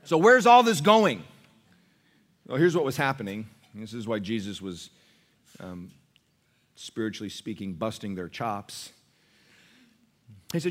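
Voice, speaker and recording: A middle-aged man preaching a sermon to a congregation as their pastor. He calls for responses from the room and swings between quiet asides and loud, raised declarations. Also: fairly low pitch, expressive, unhurried, pauses often. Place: church service.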